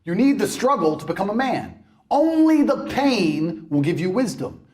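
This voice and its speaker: A man in a heated interview, ranting in a brash, mocking way, swinging between loud outbursts and low mutters. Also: very animated, normal speed. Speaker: interview guest. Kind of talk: heated rant.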